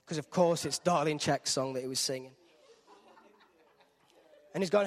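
A man's voice: on the high side, normal speed, long pauses. A man preaching a sermon, telling a Bible story in a conversational storyteller's way. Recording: reverberant church hall.

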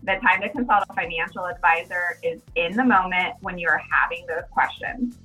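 A woman financial advisor explains her point firmly and with measured pacing. Her voice is lower but bright and forceful, with faint music beneath. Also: rough recording. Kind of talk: expert advice in conversation.

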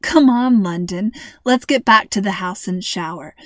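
A woman voicing a cheerful, playful mother in a storybook reading, with a warm, teasing manner. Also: mid-range voice, measured pace, no echo, lightly acted.

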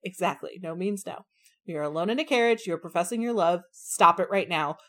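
Co-hosting a casual book discussion, a woman with a fairly low voice talks a little fast, speaking frankly and animatedly with plenty of slang. She acts out the characters' lines as she quotes them.

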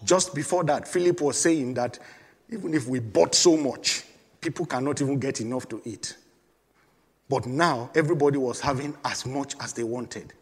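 Emphatic preacher in a big reverberant hall. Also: male voice, mid-range voice, moderate pace, breathy edge. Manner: emphatic preaching with repeated calls and congregation prompts. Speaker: pastor. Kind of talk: sermon.

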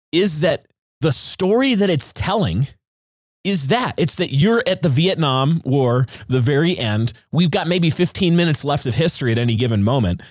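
A man co-hosting a podcast talks with lively energy and reaches for vivid comparisons. His voice sits at an ordinary middle pitch. The sound is close and dry. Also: slightly rough, no echo. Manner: animated, laughs often, uses vivid analogies. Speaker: podcast co-host. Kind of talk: casual discussion.

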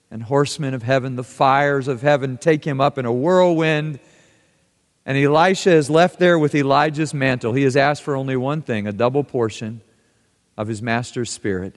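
A male pastor reading scripture and preaching a sermon, with dramatic rises and drops in his delivery. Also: on the high side. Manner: dramatic reading, voice rising and dropping with the text. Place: church sanctuary. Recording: church hall with long reverb.

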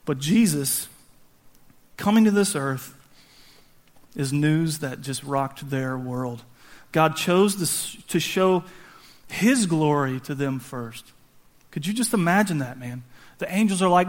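Animated high-voiced male preacher. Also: takes it slowly, long pauses. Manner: animated storytelling, acting out voices with slang. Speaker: pastor. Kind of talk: sermon.

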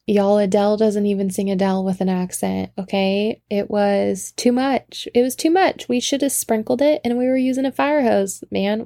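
Gravelly, animated woman telling a story. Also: medium pitch, no room sound. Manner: animated, laughing, profane. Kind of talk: casual storytime monologue.

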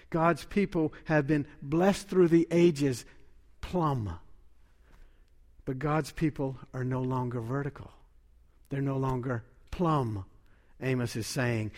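A man preaching a sermon in a measured, emphatic way, lifting his voice when he quotes scripture. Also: fairly high pitch, darkish tone, big-room sound.

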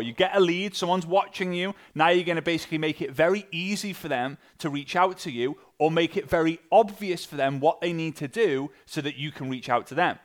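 Energetic man coaching, with high-pitched outbursts. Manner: energetic, with big jumps in pitch and loudness; acts out sample messages in different voices. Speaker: sales and network marketing coach. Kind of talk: animated coaching talk to an online audience.

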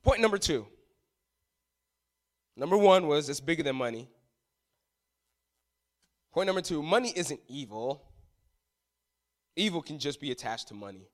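A man preaching as a pastor, swinging between loud emphatic passages and hushed, quiet ones. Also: on the high side, big pitch swings, measured pace, pauses often. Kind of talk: sermon.

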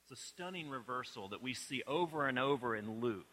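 A male preacher delivers a sermon at an average pitch, retelling the story with feeling. He drops to hushed, low lines and then builds to forceful emphasis. A steady clicking noise sits clearly under the recording. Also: a little fast. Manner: expressive storytelling, swings between soft and emphatic.

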